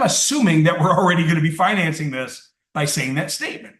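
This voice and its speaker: A man's voice: on the high side, animated, fairly quick, fairly bright tone. A man training contractors in sales, talking with energy and acting out customer dialogue. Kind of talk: coaching session for contractors. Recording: roomy, distant from the mic.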